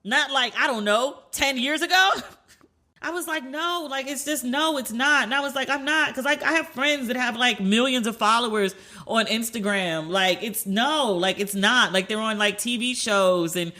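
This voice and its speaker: Chatty animated woman podcast host. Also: a little high, moderate pace. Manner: chatty, animated, swears, acts out quoted dialogue. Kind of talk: solo podcast storytelling.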